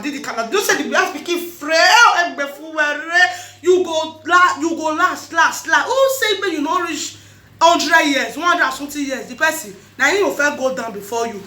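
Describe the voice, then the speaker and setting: A woman with a Nigerian accent, chatting casually in a vlog, animated and laughing often, repeating her phrases. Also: sits high, a little fast, reverberant. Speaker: vlogger host.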